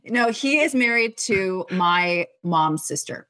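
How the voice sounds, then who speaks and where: Wry bright-voiced woman guest. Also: medium pitch, takes it slowly. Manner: wry, teasing, deadpan. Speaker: podcast guest, writer and director. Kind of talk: casual chat over video call. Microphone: video call.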